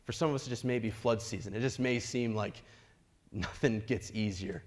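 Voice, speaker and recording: A man's voice: on the low side, moderate pace. Earnest male pastor preaching a sermon. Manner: earnest, repeats words, builds to soft prayerful passages.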